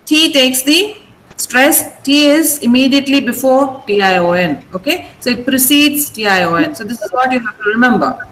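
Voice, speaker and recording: A woman's voice: high voice, animated, moderate pace, a bit bright, reverberant, a little hiss or hum, low-quality recording. Indian woman teaching pronunciation. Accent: Indian English. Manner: explains patiently, drills pronunciation, asks students to repeat. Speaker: English teacher. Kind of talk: online vocabulary class.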